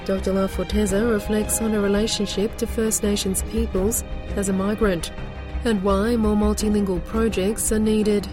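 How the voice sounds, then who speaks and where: A woman presenter reading a scripted news introduction in a measured, formal way. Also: mid-range voice, level tone. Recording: news read over a music bed.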